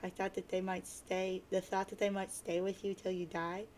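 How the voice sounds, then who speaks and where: A woman's voice: medium pitch, level tone, moderate pace, darkish tone, slight background noise, lightly acted. A woman reading the lines of a mopey, sarcastic teenage boy who sees himself as a prophet of doom, in a dramatic webcomic reading. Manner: grumbly, sarcastic, self-pitying.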